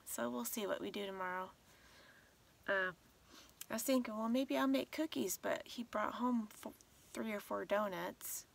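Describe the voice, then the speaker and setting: A woman's voice: medium pitch, normal speed, creaky, recorded from a distance. A tired woman vlogger chatting casually at night, half asleep and rambling as she shows her things. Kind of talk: casual late-night vlog chat.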